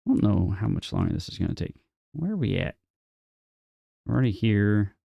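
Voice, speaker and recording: A man's voice: on the low side, big pitch swings, brisk, vocal fry, no room sound, lo-fi sound. A man live-streaming a city-building game, chatting casually and joking with viewers in chat while he plays. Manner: chatty, jokey, talks to chat viewers by name.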